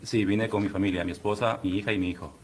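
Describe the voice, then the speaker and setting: Male trial witness, deep voice, rapid and hesitant. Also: steady tone, slight background noise. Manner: hesitant, with "eh" fillers. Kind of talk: courtroom testimony.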